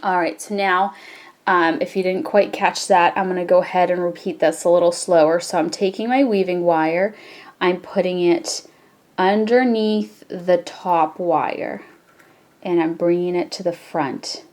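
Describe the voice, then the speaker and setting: A woman hosting a jewelry-making tutorial, explaining each step in a relaxed, chatty way with frequent fillers. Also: lowish voice, moderate pace. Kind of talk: casual step-by-step craft tutorial.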